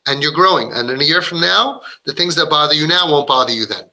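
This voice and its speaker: A man's voice: fairly high pitch, lively intonation, quick pace, pushed and bright, rough recording. A man giving an earnest, rambling inspirational talk to parents, often restarting his sentences and acting out what kids and parents say. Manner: acts out quoted voices of kids and parents. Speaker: parenting speaker.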